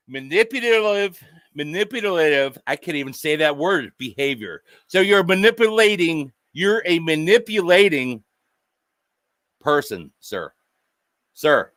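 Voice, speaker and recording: A man's voice: a little high, very animated, unhurried, fairly bright tone, no echo, studio quality. A man vlogging a sarcastic, profane monologue, mockingly addressing an unseen "sir" over and over.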